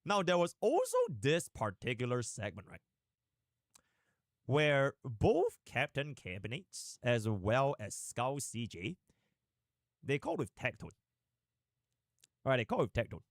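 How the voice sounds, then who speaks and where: A male live streamer chats to his audience in an animated, rambling way. His pitch swings widely from line to line, and he breaks into sudden fast bursts. The sound is dry and close. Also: no room sound. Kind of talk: casual live-stream chat.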